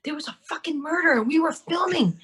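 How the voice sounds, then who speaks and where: Speaking briskly in a high voice, this woman, an actress and director, guests on a podcast with loose storytelling. She laughs, swears and performs other people's lines with plenty of animation.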